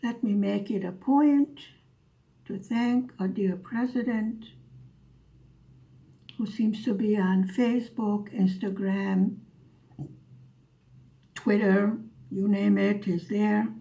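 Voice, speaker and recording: A woman's voice: mid-range voice, steady tone, slow pace, vocal fry, long pauses, mellow. A woman vlogger telling a story in a dry, sarcastic way as she chats over her craft. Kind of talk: casual storytelling while diamond painting.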